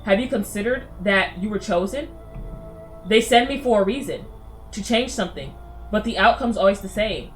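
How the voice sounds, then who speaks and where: A woman voicing an ominous stranger who calmly foretells death, cold and cryptic. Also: medium pitch, moderate pace, faint music behind, lightly acted. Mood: menacing. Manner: calm, menacing and cryptic.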